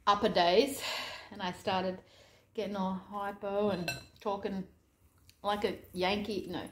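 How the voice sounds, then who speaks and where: A woman's voice: mid-range voice, fairly even intonation, measured pace, a bit bright, slight background noise. Chatty Australian woman in an echoey kitchen. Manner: chatty, thinks aloud, self-deprecating asides. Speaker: vlogger. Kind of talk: casual cooking vlog chat. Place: home kitchen. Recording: echoey kitchen with dish clatter.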